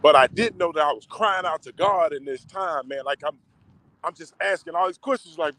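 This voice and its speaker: A man's voice: a little high, moderate pace, sharp tone. A man in casual, emotional storytelling, talking in slang with many fillers. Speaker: vlogger. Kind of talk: casual personal storytelling to camera.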